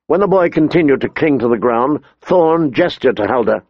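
A man reading an audiobook in a measured, steady storytelling manner. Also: mid-range voice, no room sound, highs cut off. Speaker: narrator. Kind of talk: audiobook narration.

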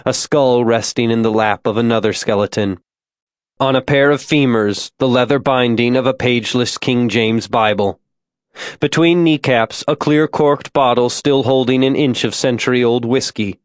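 An audiobook narrator reads a suspense story aloud in a steady, measured, mid-range voice, delivering scripted narration. The recording has clean studio sound with no room sound.

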